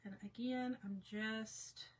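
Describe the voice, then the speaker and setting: A woman hosting a casual live painting chat, reading out viewer comments in a folksy way, her voice going hoarse. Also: fairly high pitch, fairly even intonation, takes it slowly, slight background noise. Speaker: crafting livestream host.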